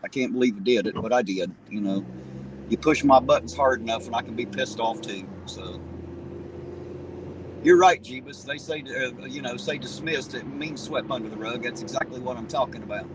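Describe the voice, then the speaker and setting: A man's voice: mid-range voice, normal speed, background noise. Blunt, profane man rambling on a livestream. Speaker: livestream host reading viewer comments. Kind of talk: casual livestream chat.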